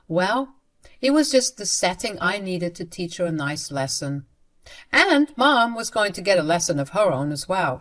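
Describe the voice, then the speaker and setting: A woman narrates a first-person story in a matter-of-fact way. She speaks directly to her listeners. Her voice sits fairly low.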